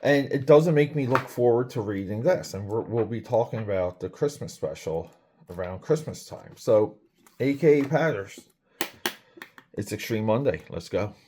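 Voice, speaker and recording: A man's voice: medium pitch, lively intonation, moderate pace, noisy background. A man hosting a casual comic book review, rambling and critical, with many fillers and restarts.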